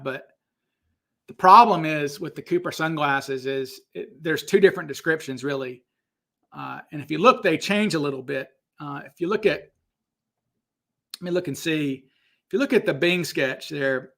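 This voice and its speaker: Searching for files mid-stream, this host of a casual livestream Q&A keeps breaking off to apologize, rambling and interrupting himself as he answers viewer questions. His voice is fairly high and sharp in tone.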